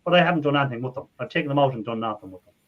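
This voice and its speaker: An Irish man hosts a casual live chat, friendly and rambling, laughing often in an expressive, rapid-fire voice of medium pitch. A crowd can be heard in the background, and the stream audio is dull and lo-fi.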